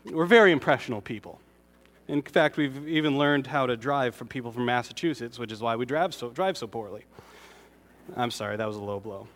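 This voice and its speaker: A pastor from Connecticut giving a conversational sermon, with self-deprecating humor. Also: male voice, medium pitch, a little fast, a bit bright, big-room sound.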